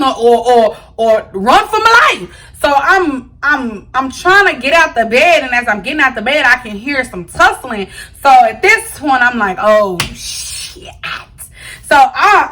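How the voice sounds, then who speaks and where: Animated high-voiced woman telling a story. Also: a little hiss or hum. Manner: animated, slangy storytelling to viewers. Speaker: vlogger. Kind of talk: storytime vlog.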